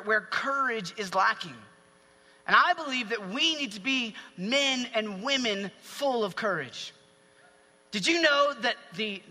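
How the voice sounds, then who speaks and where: A man delivers a sermon with animated energy, breaking into acted-out shouts. His voice sits high and sounds very bright. The sound carries a long hall reverb. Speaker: preacher.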